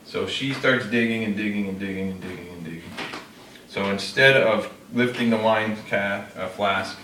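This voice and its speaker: A man's voice: lowish voice, normal speed, sharp tone. A man telling a fable in a loose, unpolished way, showing a classroom storytelling trick. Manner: unpolished, with fillers and self-corrections. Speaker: storyteller demonstrating a classroom technique. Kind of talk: casual oral storytelling. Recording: roomy, distant mic, faint noise.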